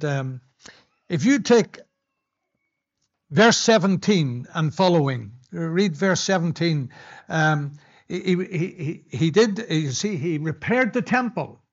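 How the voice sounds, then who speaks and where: Older preacher, candid and conversational. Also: male voice, fairly high pitch, dull audio. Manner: candid, conversational, with frequent restarts. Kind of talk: sermon. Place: church.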